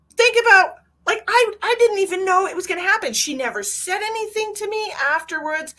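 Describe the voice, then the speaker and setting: Her voice is extremely high and sharp in tone. This middle-aged psychic medium hosts a casual livestream chat, talking openly and with feeling, cursing without restraint as she reads out what viewers write.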